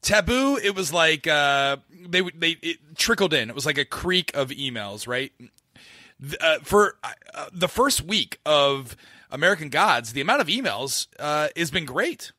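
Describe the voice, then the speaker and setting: Bright-voiced podcast host from Florida. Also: male voice, a little high, big pitch swings, unhurried, no echo, studio quality. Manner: chatty, loose, many fillers and restarts. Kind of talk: casual podcast chat.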